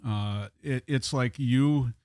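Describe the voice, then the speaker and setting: A man's voice: mid-range voice, takes it slowly, darkish tone, clean tone, no echo. Male co-host, casual storyteller, chatty and loose, dry studio mic. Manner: rambling storyteller, many fillers. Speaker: podcast co-host. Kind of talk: casual chat.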